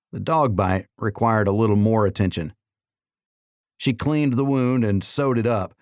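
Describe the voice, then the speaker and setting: A man narrating an audiobook in a steady, even reading. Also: lowish voice, no room sound, clean studio sound.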